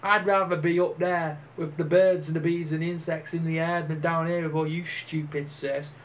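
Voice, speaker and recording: A man's voice: on the high side, little pitch movement, moderate pace, slight background noise. A man ranting to camera in a sweary, sneering, mocking manner. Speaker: vlogger. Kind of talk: profane rant to camera.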